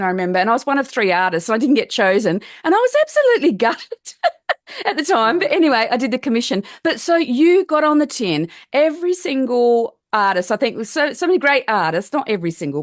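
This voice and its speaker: A woman's voice: a little high, no echo, clean studio sound. A woman hosting an interview podcast, chatting casually and speaking with effusive enthusiasm. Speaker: podcast host.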